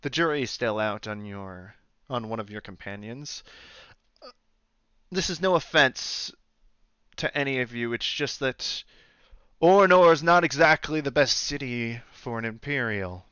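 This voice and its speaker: A man's voice: mid-range voice, measured pace, pauses often, pushed and bright, smooth, no room sound, highs cut off. A man voicing a guarded, formal elf guild leader. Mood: diplomatic. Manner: polite, formal, hesitant with restarts.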